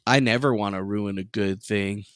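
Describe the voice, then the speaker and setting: A man's voice: on the low side, normal speed, fairly bright tone, clean tone, no echo, clean studio sound. A male streamer chatting casually on a livestream, rambling, sarcastic and full of profanity.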